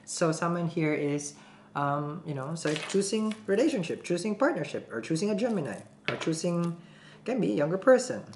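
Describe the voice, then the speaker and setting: A woman with a low voice gives a casual tarot reading, chatty and quick to laugh, stopping often to ask "okay?". The recording is roomy with echo, and there is a faint hum of noise behind her. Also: lively intonation, darkish tone. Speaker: tarot reader.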